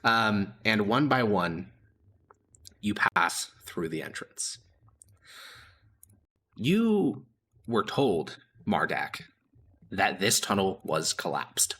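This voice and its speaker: Deep bright-sounding dude dm-ing a tabletop game, lots of ums, casual. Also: male voice, slow pace, slight background noise. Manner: casual, hesitant with many fillers. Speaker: game master.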